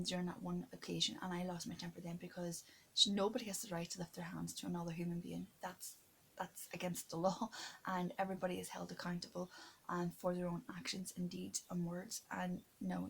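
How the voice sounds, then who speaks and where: A woman speaking into her video diary in a low, gravelly voice, upset and close to tears. She halts often, restarts her sentences and now and then sinks into a whisper. A faint hiss of noise sits under the recording. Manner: earnest, upset, halting with many fillers and restarts. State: near tears, stressed. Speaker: vlogger keeping a video diary. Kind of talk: emotional video diary monologue.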